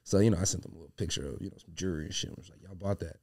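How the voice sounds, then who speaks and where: A man co-hosting a podcast, telling a rambling anecdote in a casual, animated way, full of slang and swearing. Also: deep voice, rapid-fire. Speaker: podcast co-host.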